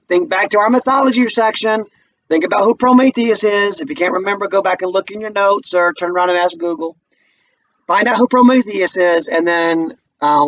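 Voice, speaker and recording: A male English teacher talks through a lesson from home in a relaxed, chatty way, often asking his students questions. His voice sits high and gravelly, a little husky, and the sound is dull and lo-fi. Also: no echo. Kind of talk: casual recorded lesson.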